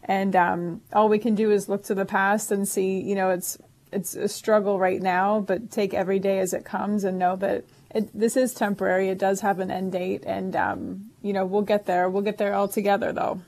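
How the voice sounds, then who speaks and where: A woman's voice: medium pitch, level tone, normal speed, darkish tone. A woman co-hosting a call-in advice show, talking reassuringly with many fillers. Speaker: co-host.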